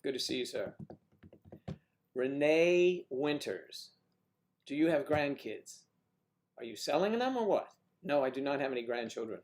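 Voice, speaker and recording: This livestream host has a mid-range voice with big pitch swings and a brisk pace. He chats casually with guests through a computer mic, wandering from point to point and ribbing them with jokes.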